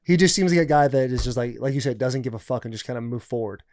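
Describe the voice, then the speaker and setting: A podcast host chatting casually with a guest, laughing easily and asking reflective questions. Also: male voice, mid-range voice, quick pace, darkish tone, no echo, clean studio sound.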